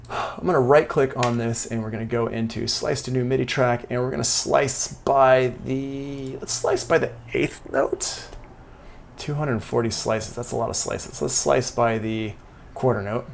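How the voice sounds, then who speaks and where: A man teaching music production software in a casual, chatty live-streamed tutorial, talking through each step as he demonstrates it. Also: medium pitch, fairly even intonation, a little slow, gravelly, a little hiss or hum.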